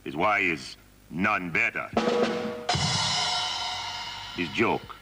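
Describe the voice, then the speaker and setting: A man's voice: low voice, expressive, extremely slow, loud music behind the voice, heavily acted. A man voicing a grandly boastful old-world cabana maker in a comic ad, with a heavy put-on accent and broken English. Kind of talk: comic radio ad.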